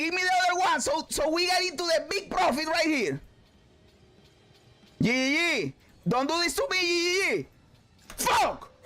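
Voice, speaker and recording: Man, high voice, very lively pitch, yelling game commentary, music behind. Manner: loud, swearing, shouts at the game. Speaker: gaming streamer. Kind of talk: excited gameplay commentary.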